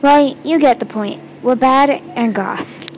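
High-voiced woman reading her own story. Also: darkish tone, slight background noise, rough recording. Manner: halting, with restarts and stumbles; first-person storytelling with quoted lines read in the same voice.

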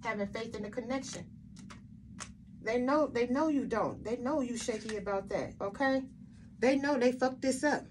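A woman's voice: a little high, moderate pace, a little mellow, slight background noise. A woman doing a tarot reading for her viewers, blunt and emphatic, with frequent swearing and repeated rhetorical questions. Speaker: tarot reader.

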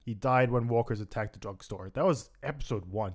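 A tearful young man commentating on a game, sighing often and reading the results aloud in an emotional, halting way. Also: mid-range voice. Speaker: gaming commentator. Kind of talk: let's play commentary.

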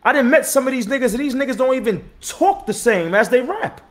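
A man in his thirties, a battle rapper hosting his own live stream. He talks blunt and profane, repeats himself and gives shout-outs to viewers, and says he is tired. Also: extremely high pitch, expressive, fairly quick. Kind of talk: casual live-stream talk.

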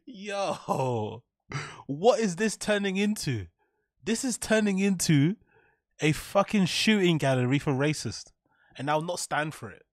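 A young man streams live and riffs on his chat with profane, mock-outraged energy. His voice sits fairly high and swings widely in pitch. The sound is close and dry. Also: expressive, measured pace, no echo. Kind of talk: live reaction commentary to chat.

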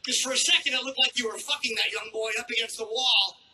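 High, bright-voiced brash stand-up comic. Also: male voice, fast talker, a little hiss or hum, low-quality recording. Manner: crude, brash and sardonic, with acted-out asides. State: throat trouble, clears his throat often. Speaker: stand-up comedian. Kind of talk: live stand-up set. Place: comedy club stage.

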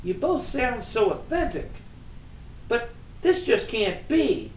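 A man's voice: extremely high pitch, sing-song, slow pace, slight background noise, heavily acted. A man voicing a skeptical, sarcastic young ballplayer, in an echoey room. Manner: sarcastic, disbelieving.

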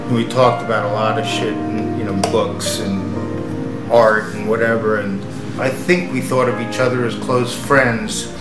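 A middle-aged man in a documentary interview, telling rowdy band stories in an animated, profane way and acting out what people said. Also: fairly low pitch. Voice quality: profane, animated storyteller who acts out quotes with laughs. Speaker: former bandmate interviewed for a documentary. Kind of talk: casual storytelling interview.

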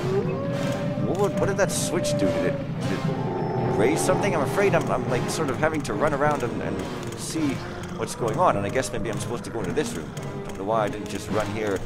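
This man rambles through excitable gameplay commentary, jokey one moment and panicky the next. His pitch leaps around all over the place. Loud game music plays behind him the whole time. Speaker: let's play commentator.

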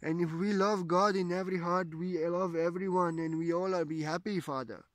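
A man's voice: high voice, steady tone, moderate pace, dry recording, natural voice. A man voicing a devout young prince. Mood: earnest.

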